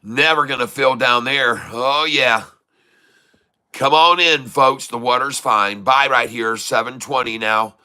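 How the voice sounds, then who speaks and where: A man giving excited live commentary on his own stock trades, hyping the moves like a showman and repeating prices over and over. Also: medium pitch, clean tone. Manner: showman hype, drawn-out exclamations, repeats prices. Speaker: day trader streaming live.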